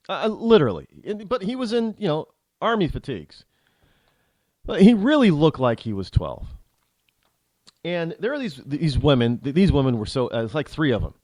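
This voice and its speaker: Blunt, animated male talk show host. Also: fairly high pitch, dry recording. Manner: opinionated and blunt; animated storytelling with frequent restarts. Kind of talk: storytelling monologue.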